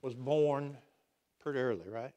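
A man preaching a sermon in a church, swinging between loud emphatic outbursts and quiet asides. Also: mid-range voice, a little slow. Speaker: pastor. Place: church sanctuary.

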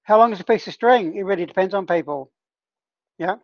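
A woman's voice: medium pitch, fairly quick, dry recording, muffled recording. A woman who trains healers, leading an online discussion group in a casual, earnest teaching tone and often checking in with her listeners.

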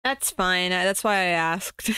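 A woman in casual chat with friends, playful and quick to laugh. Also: on the low side, lively intonation, pushed and bright, smooth, no room sound, clean studio sound.

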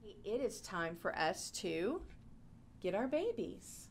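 A woman teaching a preschool Bible class, talking gently and in a sing-song way to small children. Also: medium pitch, animated, normal speed, a little hiss or hum.

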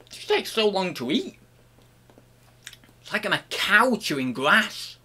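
Male vlogger, jokey and over the top, bright tone, lots of pitch swing. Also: animated, brisk. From United Kingdom. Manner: playful and mock-grandiose, swinging between loud outbursts and hushed murmurs; talks while chewing an apple. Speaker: online reseller and channel host. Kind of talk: comic vlog monologue.

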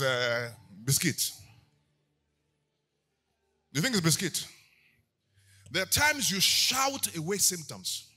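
Fiery preaching man, bright shouting voice. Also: fairly high pitch, very animated, slow pace, pauses often, slightly rough. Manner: swings from quiet teaching to shouted declarations. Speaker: pastor. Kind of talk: sermon.

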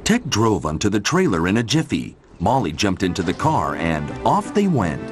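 A man narrating a children's storybook in an expressive, animated way. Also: low voice, normal speed. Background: background music.

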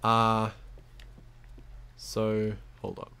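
A man's voice: fairly low pitch, monotone, drawn-out words, gravelly, bright, forceful tone, clear, resonant tone. A young man giving giggly, self-mocking live-stream commentary as he plays a game, talking to the screen.

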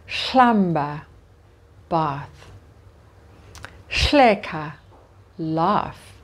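A woman teacher leading a slow vocabulary drill, saying each word carefully and then giving its meaning. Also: on the low side, husky. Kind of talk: slow, deliberate vocabulary lesson.

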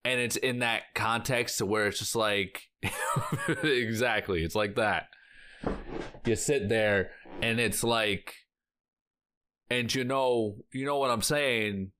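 A man's voice: lowish voice, bright, forceful tone, clean tone. Rambling man reacting to a show. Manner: rambling, heavy use of filler "like"; emotional, sighing and exclaiming. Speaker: reaction channel host. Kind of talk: casual reaction vlog chat.

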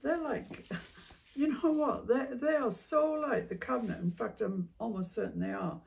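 A woman chatting casually as she sorts fabric for a craft vlog, musing aloud and dropping into soft whispered asides, with a cough now and then. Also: fairly high pitch, moderate pace, creaky, recorded from a distance, a little hiss or hum. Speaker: craft vlogger. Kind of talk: casual chat while sorting fabric.

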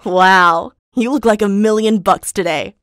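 A woman's voice: mid-range voice, unhurried, fairly bright tone, a little hiss or hum. A woman voicing a charming young male celebrity who talks in a breezy, teasing way.

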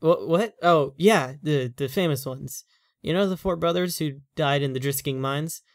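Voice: mid-range voice, moderate pace, no room sound, clean studio sound, close to an everyday voice. A reader voicing a stressed married man. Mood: bitter. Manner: weary, rambling, venting. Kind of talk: horror story reading.

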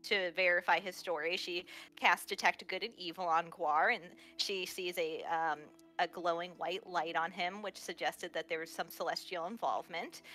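Female player with a bright, forceful voice, casual filler-laden recap, music faint behind. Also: on the low side, fairly even intonation, moderate pace. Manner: chatty, with frequent fillers and laughs.

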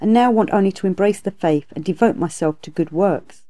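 A woman voicing a cheeky, boastful male monkey king imprisoned under a mountain, talking in a quick, lively way. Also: mid-range voice, no echo, close to an everyday voice. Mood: pleading.

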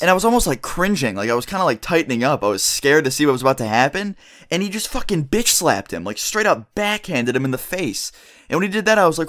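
A man's voice: a little high, lively intonation, brisk, fairly bright tone. A young man telling a story to his viewers in a casual, rambling way, swearing often and saying "like" a lot. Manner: rambling and profane, heavy use of "like". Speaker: vlogger.

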